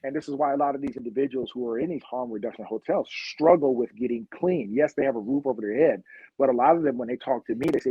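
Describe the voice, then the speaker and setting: Husky, impassioned police officer telling stories. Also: male voice, mid-range voice, quick pace, dry recording, lo-fi sound. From Long Beach, California. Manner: blunt, impassioned, street-wise storyteller. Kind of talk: podcast interview storytelling.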